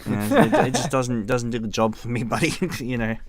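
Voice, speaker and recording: A man's voice: mid-range voice, lively intonation, normal speed, slight background noise. A young man co-hosting a casual, uncensored podcast chat, laid-back and swearing often, laughing between thoughts. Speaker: podcast co-host.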